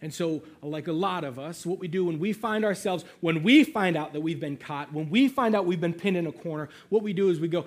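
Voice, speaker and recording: A man's voice: on the high side, a little fast, hardly any pauses. A pastor giving a sermon in a casual, conversational way, with frequent asides to his listeners.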